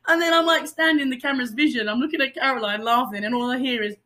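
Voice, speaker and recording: Woman telling a funny story, bright voice, keeps cracking up. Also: high-pitched, very fast. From England. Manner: animated storyteller, laughs a lot. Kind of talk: casual chat.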